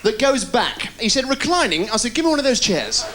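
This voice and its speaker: A man doing stand-up, firing off deadpan one-liners and puns. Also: extremely high pitch. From England. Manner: rapid-fire deadpan puns with quick delivery. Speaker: stand-up comedian. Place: live TV studio with a laughing audience. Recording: loud crowd laughter, noisy 1990s TV broadcast.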